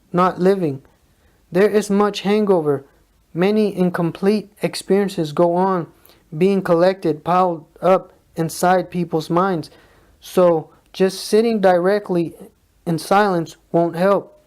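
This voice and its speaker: Mellow-toned voice reading spiritual teachings, calm and measured. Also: medium pitch. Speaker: reader of a spiritual discourse. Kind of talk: read spiritual talk.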